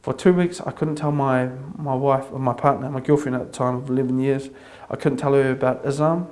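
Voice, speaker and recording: A man's voice: medium pitch, a little fast, soft background music. Earnest New Zealand man telling his story. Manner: earnest, repetitive, builds into excited retelling. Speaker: convert sharing his testimony. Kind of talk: personal testimony storytelling.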